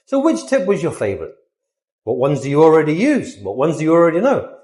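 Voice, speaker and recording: A man's voice: on the high side, fairly quick, roomy sound. A man teaching an English lesson online, modeling phrases with exaggerated rising and falling intonation. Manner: lively, sing-song teaching delivery with exaggerated intonation.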